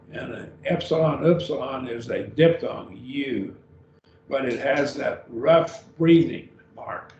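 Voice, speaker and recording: A man teaching a Greek grammar class at a slow, patient pace, repeating each word form as he goes. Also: mid-range voice, darkish tone, slight background noise. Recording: lo-fi roomy recording from a distance.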